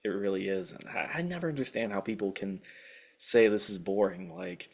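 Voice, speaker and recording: A man who is a guest on a podcast, chatting in a relaxed, blunt way and swearing casually. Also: fairly low pitch, fairly quick, gravelly. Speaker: guest writer. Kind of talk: casual chat.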